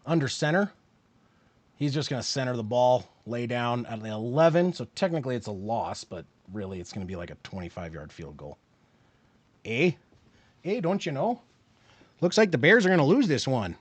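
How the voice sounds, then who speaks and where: A man calling a football game play by play on his live stream, rising with excitement on big plays and dropping to quiet muttered asides. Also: medium pitch, fairly quick, no room sound. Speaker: streamer and sports commentator.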